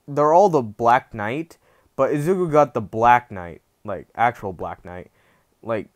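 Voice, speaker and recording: A young man casually retelling a fan-fiction story, rambling with many restarts and acting out the quotes. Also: mid-range voice.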